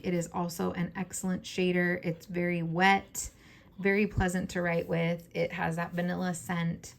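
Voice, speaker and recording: A woman with a scratchy, hoarse voice chatting in a relaxed, enthusiastic way, with plenty of fillers. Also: lowish voice, normal speed. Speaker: fountain pen vlogger. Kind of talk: casual show-and-tell.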